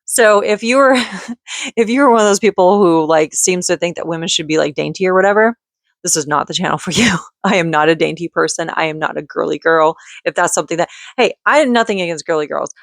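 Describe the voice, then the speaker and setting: A woman vlogging in a casual, rambling way, chatty and quick to giggle as she drifts off on tangents. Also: fairly low pitch, no room sound, studio quality. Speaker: vlogger and mother.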